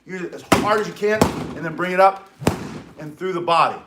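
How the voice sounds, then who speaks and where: A slightly hoarse man teaching self-defense to a live group, excitable and rambling as he demonstrates. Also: high-pitched, normal speed, very noisy.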